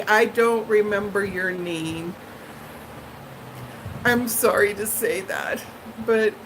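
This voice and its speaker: A woman's voice: a little high, noisy background. A woman hosting a live stream from home, chatting casually with viewers in a rambling, friendly way with lots of fillers. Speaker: livestream host chatting with viewers. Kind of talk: casual live-chat monologue.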